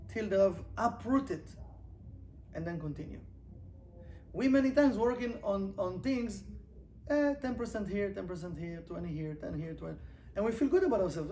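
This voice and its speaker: High-voiced man teaching Kabbalah. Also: a little hiss or hum. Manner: animated, rhetorical questions, reads Hebrew quickly then translates. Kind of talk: informal class lesson.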